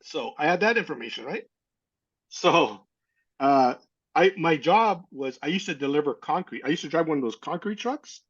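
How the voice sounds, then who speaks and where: A man's voice: a little high, animated, normal speed, a bit bright, breathy edge, lo-fi sound. A man in his sixties from California, a guest telling a rambling personal story and acting out the dialogue. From California, USA. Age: 60s. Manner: rambling retelling, acts out quoted dialogue. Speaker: interview guest. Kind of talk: casual storytelling.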